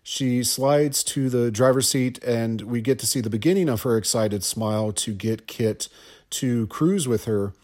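A man's voice: mid-range voice, a little slow, darkish tone. A man guest-hosting a podcast, rambling through a scene-by-scene movie commentary with stammers, restarts and wry asides. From Ohio.

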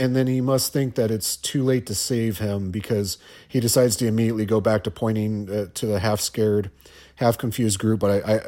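A man from Ohio, his voice warm and mid-range, guest-hosts a podcast. He rambles through a scene-by-scene movie commentary, stammering, restarting and tossing in wry asides.

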